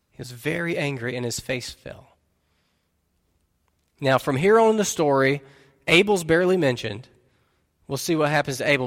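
A man's voice: mid-range voice, a bit bright. A man preaching a sermon as pastor, earnestly putting questions to his listeners. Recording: long reverb of a large hall.

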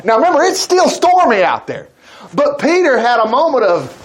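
A man's voice: high-pitched, moderate pace. A man preaching a sermon, reading scripture and stopping to comment in a folksy, conversational way to his congregation. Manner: animated, breaks into acted quotes.

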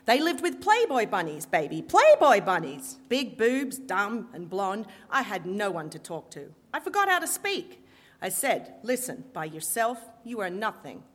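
A woman voicing a domineering older Italian-American mob matriarch with a strident Brooklyn accent, speaking loudly and bossily. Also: medium pitch, sing-song, a little slow. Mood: boastful. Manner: loud, bossy, emphatic. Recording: long hall reverb.

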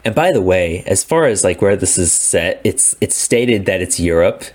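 Man, low voice, laid-back gaming podcast co-host, chatty and rambling. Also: moderate pace, slightly rough. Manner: relaxed, rambling, laughs often. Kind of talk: casual gaming chat.

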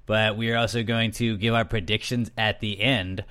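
A man's voice: on the low side, fairly even intonation, moderate pace, fairly bright tone. A young man co-hosting a casual podcast, joking and rambling, often correcting himself mid-sentence. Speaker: podcast co-host.

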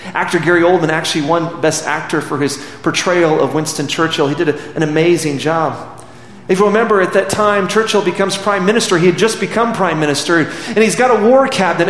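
A man's voice: on the high side, fairly quick, fairly bright tone. A man preaching a sermon, earnestly retelling a film scene as a story. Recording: echoey hall with faint background noise.

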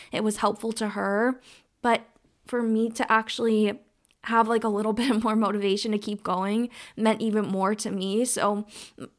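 A young woman, hosting her own podcast alone, talking in a rambling, heartfelt way full of fillers and close to tears. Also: on the high side. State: tearful, near crying. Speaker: podcast host. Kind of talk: solo podcast monologue.

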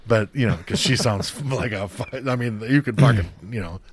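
A man's voice: medium pitch, moderate pace. A man co-hosting a podcast in casual chat, rambling with lots of fillers and profanity. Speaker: podcast co-host.

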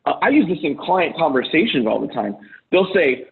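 Man coaching other husbands in casual, profane talk; slightly high pitch, narrow lo-fi audio. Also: sing-song, normal speed, creaky. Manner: blunt and profane, acts out heated quotes loudly. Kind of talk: casual advice monologue. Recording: phone-like lo-fi audio.

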